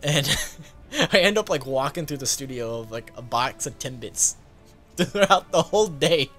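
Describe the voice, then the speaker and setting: A man's voice: mid-range voice, animated, unhurried, fairly bright tone, soft background music. Rambling man telling a casual story. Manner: rambling, filler-heavy, frequent laughs. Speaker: gaming YouTuber. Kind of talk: casual story-time vlog.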